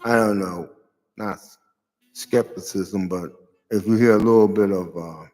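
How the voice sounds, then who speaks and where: Low-voiced man ranting sarcastically. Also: unhurried. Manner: rambling, hunts for words, sarcastic, bursts into loud outbursts. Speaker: show host. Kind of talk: casual political commentary monologue. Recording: long reverb with faint music behind.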